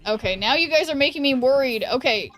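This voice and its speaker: A woman's voice: sits high, lively intonation, a bit bright, faint music behind. Woman streamer thinking aloud. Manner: thinks aloud, halting restarts, chats with viewers. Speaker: streamer playing a card game. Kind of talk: casual live-stream commentary.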